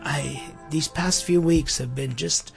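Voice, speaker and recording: A man's voice: on the high side, takes it slowly, creaky, soft background music. A man hosting a podcast, reflecting earnestly on faith and spirituality in a musing way, often restarting his sentences. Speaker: podcast host.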